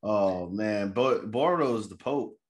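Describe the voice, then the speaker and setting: A young man casually recapping an anime episode with a co-host, animated and slangy, acting out the characters' lines as he goes. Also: lowish voice, slow pace.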